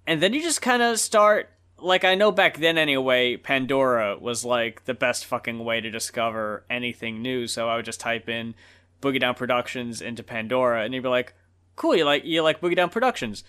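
A man's voice: medium pitch, normal speed, pushed and bright, clean tone. A man co-hosting a podcast, chatting casually with loose, profane storytelling. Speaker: podcast co-host.

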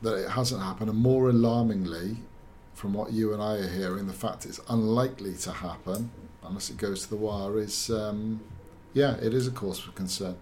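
Low-voiced pundit searching for words. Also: male voice, normal speed, few pauses, a little mellow, slight background noise. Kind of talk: casual discussion.

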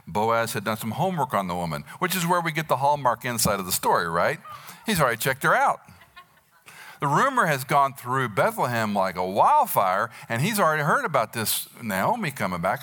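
A man's voice: fairly low pitch, sing-song, normal speed, bright, forceful tone. A man in his sixties preaching a sermon, telling a Bible story and acting out the quotes with animation. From United States. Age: 60s. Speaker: pastor.

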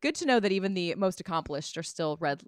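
An upbeat woman with a New York accent co-hosts a casual podcast and reads out poll results between chatter. Her voice is smooth and resonant. She is recorded close and dry. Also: on the low side, expressive, fast, no room sound. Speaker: podcast co-host. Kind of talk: casual chat.

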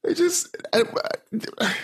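A man co-hosting a casual movie-review chat, animated and swearing, laughing often. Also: extremely slow. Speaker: podcast co-host.

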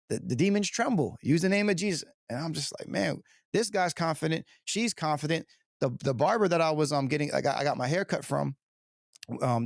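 A man's voice: on the high side, creaky, no echo, clean studio sound. A man, a pastor, telling his personal testimony in an earnest, rambling way, full of "like" and "you know", acting out the people he quotes. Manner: acts out quoted people with a raised voice.

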